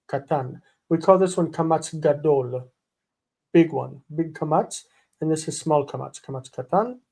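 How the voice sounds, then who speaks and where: A man's voice: a little high, warm tone. Patient man teaching Hebrew vowel names. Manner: patient, repeats terms and rules slowly. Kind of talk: live online lesson.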